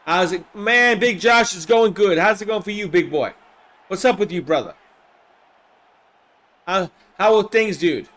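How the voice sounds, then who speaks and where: Excitable high-voiced man calling plays. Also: unhurried, pauses often. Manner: excitable, shouts on big plays, chats to viewers by name. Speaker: host of a game simulation stream. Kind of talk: live play-by-play commentary with chat replies.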